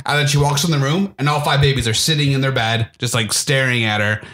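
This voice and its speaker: A man's voice: medium pitch, fast talker. A young man co-hosting a podcast, retelling movie scenes in casual chat and acting out the characters' lines. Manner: animated retelling, acts out lines. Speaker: podcast co-host.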